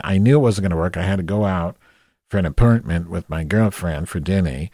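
A man's voice: deep voice, a little fast, dark tone, no echo, clean studio sound. A man telling a comic story as a rant, profane and exasperated. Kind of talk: comedic rant monologue.

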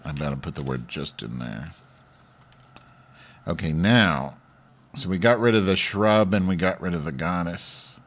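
A man's voice: low-pitched, unhurried, long pauses. A man working out a crude song parody on the radio, muttering to himself and then belting out lines. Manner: crude, self-deprecating, switches between muttering and loud singing. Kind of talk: comedic radio bit, singing parody lyrics.

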